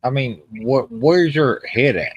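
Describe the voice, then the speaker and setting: A man's voice: mid-range voice, lively intonation, a little slow, slightly rough, no echo. Profane man on a dry, muffled line. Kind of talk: casual chat.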